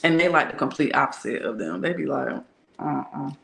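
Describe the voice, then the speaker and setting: A woman's voice: a bass voice, very animated, fast talker, vocal fry, fairly bright tone, slight background noise. A woman telling a candid personal story in a frank, slangy, conversational way that is broken up with laughter. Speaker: tarot reader and channel host. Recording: echoey room.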